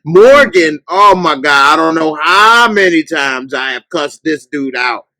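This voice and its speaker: A man hosting a casual podcast livestream, chatting loosely and breaking into loud, mocking outbursts. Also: on the high side, lively intonation, unhurried, no echo. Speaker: podcast host.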